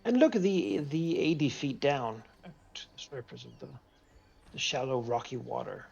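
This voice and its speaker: A man narrating as game master, describing the scene in halting phrases with fillers. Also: medium pitch, expressive, gravelly, darkish tone, breathy edge, lo-fi sound.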